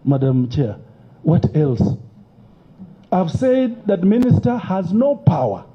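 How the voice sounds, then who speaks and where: A Kenyan member of parliament moving an impeachment testifies at a committee hearing, arguing insistently and emotionally and frequently interrupting. His high-pitched voice swings widely in pitch at a slow pace, and the recording sounds muffled.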